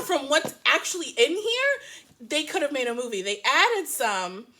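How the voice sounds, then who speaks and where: Bright, lively woman book reviewer. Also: high voice, measured pace. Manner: animated, laughs often, playful asides. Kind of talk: casual review chat.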